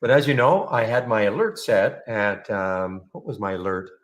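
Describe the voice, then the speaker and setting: A fairly low-voiced man hosts a live trading room. He rambles and corrects himself as he talks through his trades. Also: expressive, normal speed. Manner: chatty, rambling, self-correcting.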